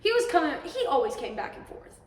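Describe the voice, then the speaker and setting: A young woman co-hosting a podcast, telling stories in a casual, animated way and laughing often. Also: high-pitched, fast talker. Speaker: podcast co-host. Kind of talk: casual storytelling chat. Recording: echoey room, far from the mic, faint hiss.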